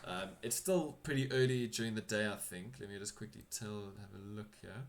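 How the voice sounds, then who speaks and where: A man's voice: on the low side, brisk, slight background noise. Laid-back man running a game. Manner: relaxed, loose and chatty. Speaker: game master. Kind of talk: tabletop game narration.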